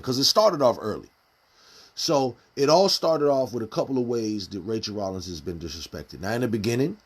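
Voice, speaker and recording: A man giving casual live-stream commentary, firing off rhetorical questions in street slang. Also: lowish voice. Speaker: community commentator.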